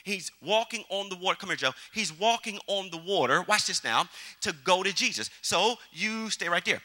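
A man preaching a sermon as pastor, calling out to the congregation with "you got it?" and swinging between loud exhortation and quiet storytelling. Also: sits high, lively intonation, normal speed. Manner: call-and-response preaching, frequent "you got it?". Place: church sanctuary with congregation.

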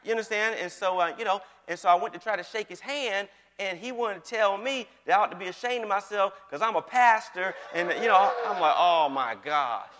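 Male pastor, high voice, animated sermon, reverberant hall. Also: a little fast, hardly any pauses, slight background noise. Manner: animated, keeps checking in with the congregation. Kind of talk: conversational sermon.

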